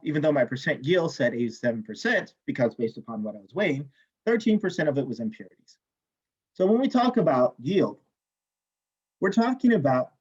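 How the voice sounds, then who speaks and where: A man teaching a chemistry class, telling a story in an animated way, swearing freely and acting out the people he quotes. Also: fairly high pitch, breathy edge. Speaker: chemistry instructor. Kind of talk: lecture with personal story. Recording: dull lo-fi classroom recording.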